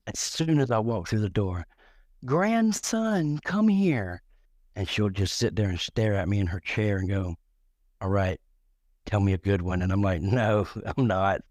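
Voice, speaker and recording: A middle-aged man with a fairly low voice rambles through crude, joking stories on a live talk show. He keeps restarting and repeating words as he goes, and his voice sounds close and dry. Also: fairly even intonation, moderate pace, darkish tone, no room sound.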